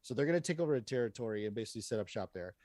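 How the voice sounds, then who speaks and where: A man's voice: mid-range voice, animated, rapid-fire, darkish tone, dry recording, clean studio sound. A man co-hosting a casual livestream chat, rambling and restarting as he searches for words. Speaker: podcast co-host.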